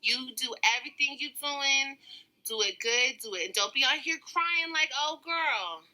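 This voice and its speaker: A woman's voice: high-pitched, moderate pace, sharp tone, poor audio. A woman ranting on a livestream in a taunting, sarcastic way, full of profanity. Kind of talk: mocking livestream rant.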